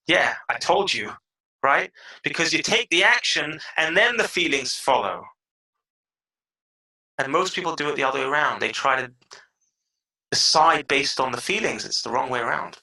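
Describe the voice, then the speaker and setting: A man as a podcast guest giving emphatic advice, acting out inner voices with big jumps in pitch. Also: expressive, normal speed, sharp tone, low-quality recording. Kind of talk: animated interview talk.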